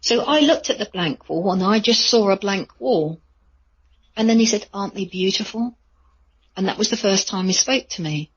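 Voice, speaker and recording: A woman, a psychic medium, telling chatty, rambling stories in a radio interview with a husky voice. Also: mid-range voice, lively intonation, moderate pace, dull audio, a little hiss or hum. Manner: chatty, rambling with many fillers.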